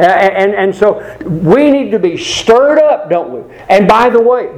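A man preaching a sermon, earnest and emphatic, asking the congregation rhetorical questions and reading scripture slowly and deliberately. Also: high voice, darkish tone, low-quality recording.

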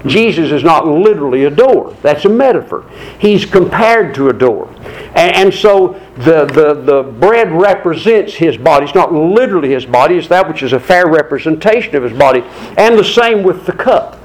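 A man delivers a sermon in a voice pitched a little above the usual for men. He speaks earnestly and deliberately. He lets slow, dramatic pauses hang between his phrases. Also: animated, poor audio. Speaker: preacher.

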